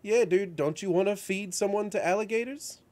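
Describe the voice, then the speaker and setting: A male talk show host with a high-sitting voice and normal speed rambles through casual video game stories, animated and heavy on fillers and restarts. It's recorded in a radio-show studio setup.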